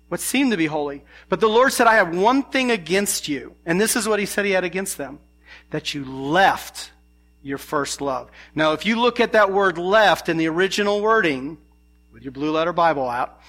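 Man, sermon, earnest preaching, fairly high voice, bright and forceful. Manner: earnest, asks the congregation questions.

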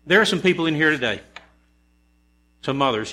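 A man preaching a sermon in a church, moving from relaxed storytelling to emphatic rhetorical questions. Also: fairly high pitch, moderate pace. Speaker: pastor. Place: church sanctuary. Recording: mains hum behind the voice.

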